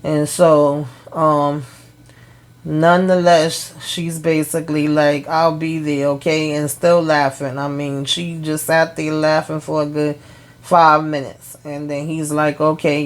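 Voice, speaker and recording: A woman talks through a TV episode in a casual vlog. Her voice sits on the low side for a woman. She retells the scenes with quoted lines and is blunt and profane. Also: level tone, a little slow. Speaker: TV show recap host.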